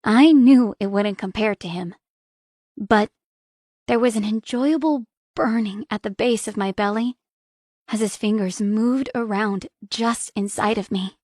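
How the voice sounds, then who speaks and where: Young woman reading a romance audiobook slow and soft, close mic, dry sound. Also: medium pitch, no echo. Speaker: audiobook narrator. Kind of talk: first-person romance audiobook narration.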